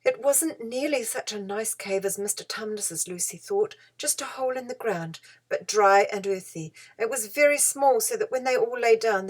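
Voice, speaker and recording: Woman reading a kids story out loud, gentle and expressive, storybook narration. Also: medium pitch. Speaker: audiobook reader.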